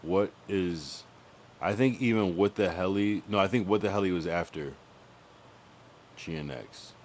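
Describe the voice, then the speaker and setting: A young man on a livestream, chatting loosely and cursing freely as he rambles. His voice sits very low. A soft hum of room ambience runs underneath. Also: measured pace. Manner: rambling, profane, thinks aloud about music. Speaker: streamer. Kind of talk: casual livestream chat.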